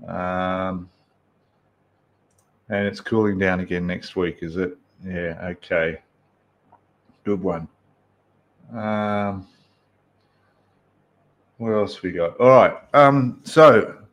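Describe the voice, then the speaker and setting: A man's voice: low voice, highs cut off. A man with an Australian accent hosting a casual live stream, chatting and greeting viewers one by one.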